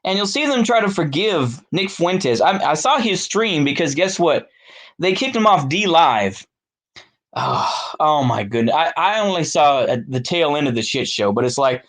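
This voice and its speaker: A man's voice: a little high, lively intonation, moderate pace, fairly bright tone. A man with a Texan accent, ranting to camera as a political commentator, profane and exasperated, with sarcastic asides. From Texas. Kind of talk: solo rant to camera.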